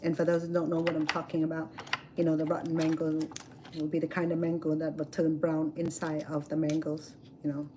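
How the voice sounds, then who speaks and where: Talking briskly in a low voice, the woman cooks at an outdoor home grill and chats casually, telling lively stories peppered with fillers. Her camera mic picks up faint background noise.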